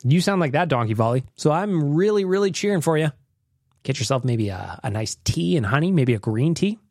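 A man's voice: on the high side, lively intonation, brisk, a little mellow, no room sound, clean studio sound. A man hosting a casual podcast, chatty and rambling, joking as he plays listener voicemails. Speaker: podcast host. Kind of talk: casual chat.

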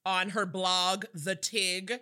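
A woman's voice: on the low side, flat delivery, takes it slowly, pushed and bright, clear, resonant tone. A woman from the US co-hosting a podcast, chatting sassily with plenty of fillers about a film. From United States. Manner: sassy, hedging, full of fillers. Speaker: podcast co-host. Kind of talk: casual chat recapping a film.

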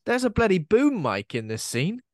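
A man's voice: high-pitched, sing-song, moderate pace, a little hiss or hum. A man co-hosting a podcast, chatting casually about a film and wandering from point to point. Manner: chatty, digressive, often quotes characters in silly voices. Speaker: podcast co-host. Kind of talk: casual film-review chat.

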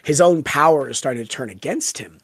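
A playful co-host chatting about a novel, with a lively, bouncing delivery. Scenes get acted out with gusto. The sound is dry and close. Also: mid-range voice, brisk, dry recording. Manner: animated and playful, reenacts scenes. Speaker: podcast co-host. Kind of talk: casual book-discussion chat.

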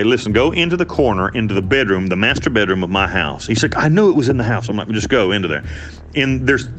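A man telling his own story in an interview, blunt and profane, with animated delivery. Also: mid-range voice, slight background noise. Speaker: interviewee, former prisoner.

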